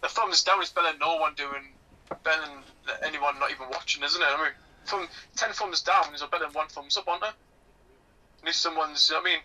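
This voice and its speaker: A man's voice: on the high side, sharp tone, a little hiss or hum. A man co-hosting a podcast commentary, talking in a chatty, hedging way over a phone connection. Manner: chatty, hedging, quick asides. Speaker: podcast co-host. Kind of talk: casual film commentary chat. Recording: tinny phone line.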